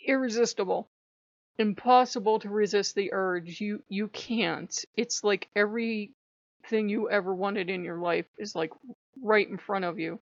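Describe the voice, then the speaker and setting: A woman talking casually to camera in a lively, frank monologue, swearing often and laughing between thoughts. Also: medium pitch, a little slow, dry recording, highs cut off. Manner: animated, swearing, laughing asides. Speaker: spiritual vlogger.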